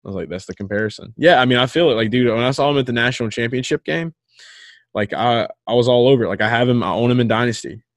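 A man's voice: mid-range voice, fast talker, no echo, studio quality. A man co-hosting a casual sports podcast, rambling with lots of filler words. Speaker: podcast co-host.

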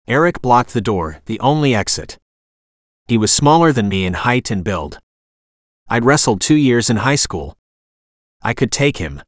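A man's voice: medium pitch, very animated, moderate pace, dry recording. Dry, close male audiobook narrator. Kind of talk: scripted first-person narration.

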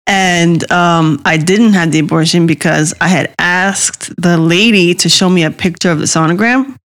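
A woman's voice: on the low side, normal speed, a bit bright. A woman candidly sharing a personal story, earnest and insistent, often repeating herself to make her point.

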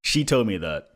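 A man's voice: fairly low pitch, fairly bright tone. A man in a casual chat with a friend, laid-back and laughing often, sometimes repeating his words.

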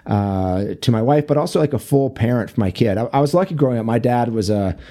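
A man's voice: medium pitch, expressive, quick pace, warm tone. A man being interviewed as a fatherhood coach, talking in an easygoing way with many fillers and restarts. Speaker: guest, fatherhood coach and author. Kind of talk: casual interview talk.

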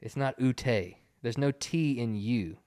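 A man's voice: lowish voice, brisk, no echo, studio quality. A man in his thirties co-hosting a casual podcast, wryly teasing and correcting his partner. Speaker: podcast co-host. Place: home podcast studio.

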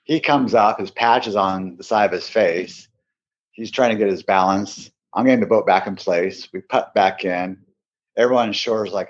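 Man, husky voice, lowish pitch, lively storytelling, dull lo-fi sound. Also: fairly quick. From Seattle area. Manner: animated anecdote, acts out quoted voices. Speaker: podcast guest. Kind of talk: casual storytelling.

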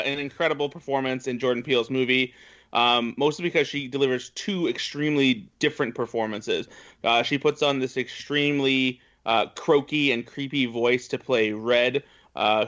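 Man, medium voice, measured panelist, explanatory, muffled lo-fi recording. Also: medium pitch, fairly bright tone. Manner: measured, explanatory, some fillers. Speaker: film podcast panelist. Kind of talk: casual chat. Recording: dull lo-fi audio.

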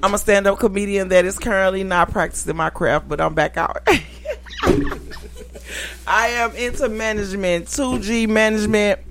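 A woman's voice: mid-range voice, steady tone, a little fast, few pauses, background noise. A tipsy woman comedian hosting a show, talking in a brash, profane and boisterous way. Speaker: host and comedian. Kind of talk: casual show chat.

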